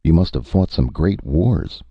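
A man's voice: rumbling low, big pitch swings, moderate pace, gravelly, slightly rough, no echo, muffled recording, exaggerated voice. A man doing a wry, blunt space explorer. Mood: dry, wry. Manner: dry, blunt, sarcastic. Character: wry, tough human male space explorer.

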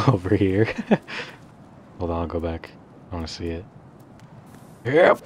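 A young man casually commentating his video game playthrough, swearing freely, laughing often and bursting into excited outbursts. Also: sits low, unhurried, a little hiss or hum. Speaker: gaming streamer. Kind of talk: casual let's play commentary.

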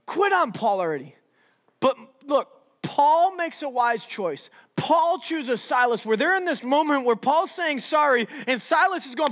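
A young man preaching to a youth group in a casual, animated way, peppered with "like" and "right?". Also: very high-pitched, measured pace, big-room sound. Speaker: youth pastor. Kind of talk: sermon.

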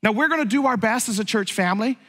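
A middle-aged man pastors his congregation, his sermon conversational at first and then bursting into fervent exclamations. He speaks fast in a high, fairly bright voice, and the sanctuary's large-hall reverb rings long.

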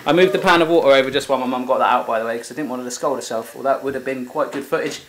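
A man's voice: mid-range voice, very fast, background noise. A young man hosting a cooking video in a home kitchen, chatty and teasing as he talks through the steps. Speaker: cooking show host. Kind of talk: casual cooking chat.

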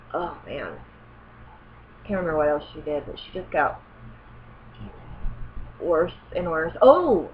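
With a lowish voice on a muffled recording with slight background noise, a woman in her thirties rambles through a personal story for her vlog. She keeps correcting herself and becomes increasingly indignant.

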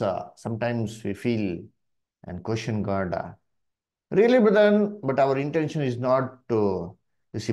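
Man, Indian English accent, Bible study teacher, sermon style, very slow, lively pitch, many fillers. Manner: slow, halting delivery with many "uh" and "you see" fillers; often addresses listeners as "dear brethren".

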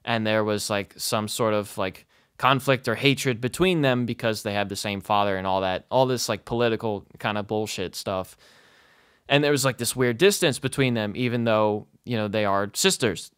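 A man's voice: fairly low pitch, moderate pace, fairly bright tone, clean tone, no echo, clean studio sound. A man talking casually about a video game, swearing often and filling his talk with "like" and "you know". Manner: profane, lots of fillers; frequent laughing asides. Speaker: game reviewer. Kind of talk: casual spoken rant.

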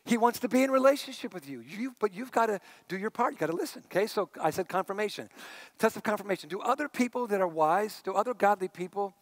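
A middle-aged man gives a sermon, his fairly high voice moving from hushed asides to emphatic points. The sound is close and dry, with no room around it. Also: lively intonation, fast talker, dry recording. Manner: conversational preaching, swinging between hushed and emphatic. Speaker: pastor.

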